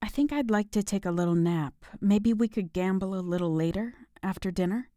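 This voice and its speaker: A woman's voice: medium pitch, brisk, warm tone, no echo, studio quality, lightly acted. A woman voicing an earnest young heroine. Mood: friendly. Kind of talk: audiobook dialogue.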